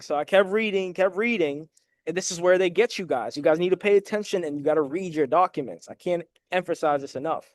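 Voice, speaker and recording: Here the educator's voice is fairly high and his pace quick, captured dry with studio quality. Going over debt collection letters document by document, he stays direct and emphatic, addressing "guys" and checking in with frequent "right?".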